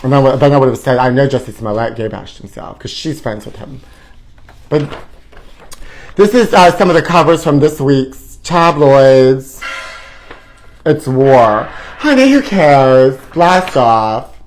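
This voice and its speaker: A man's voice: medium pitch, animated, slow pace, long pauses. A man hosting a live gossip show, campy and sassy, who calls everyone honey and now and then sings a line. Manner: breaks into short bits of song. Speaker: host.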